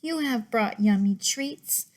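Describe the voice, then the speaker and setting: Lady reading a sad sighing storybook bear, slow and lilting, pitched up high. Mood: glum. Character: glum, fretting male bear, a big woodland creature.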